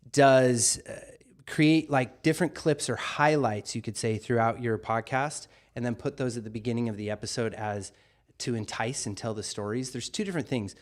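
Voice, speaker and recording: A man hosting a casual livestream, answering viewer questions and thinking aloud with frequent pauses. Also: medium pitch. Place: studio in North Carolina.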